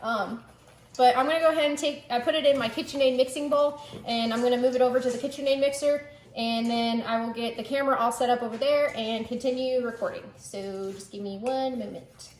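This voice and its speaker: Chatty, high-voiced woman hosting a home cooking video; casual and jokey in an echoey kitchen. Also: steady tone, brisk, a little mellow, a little hiss or hum. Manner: chatty, joking, lots of "like" fillers. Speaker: cooking vlog host.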